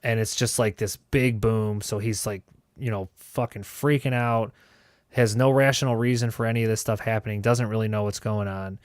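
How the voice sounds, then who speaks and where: A man's voice: lowish voice, fairly even intonation, moderate pace, no echo, clean studio sound. Loose, profane man telling a story. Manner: loose and profane, heavy with fillers. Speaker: host. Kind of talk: casual storytelling.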